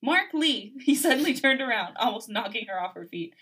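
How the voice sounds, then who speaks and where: A woman reading a fan fiction story aloud on a podcast, giving the characters' lines a lively, acted lilt. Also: on the high side, fast talker, breathy edge. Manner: lively, acts out dialogue, laughs often.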